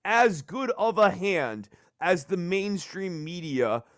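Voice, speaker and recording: Animated, rambling man with a higher voice. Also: slow, dry recording, studio quality. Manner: rambling, animated, swears for emphasis. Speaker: podcast host. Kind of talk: casual political podcast chat.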